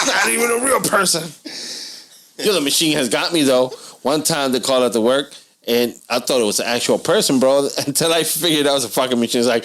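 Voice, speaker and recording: Animated, lively-voiced man swapping funny stories. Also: fairly high pitch, normal speed. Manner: animated storyteller, acts out phone calls in raised voices. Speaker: podcast co-host. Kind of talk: casual comedic chat.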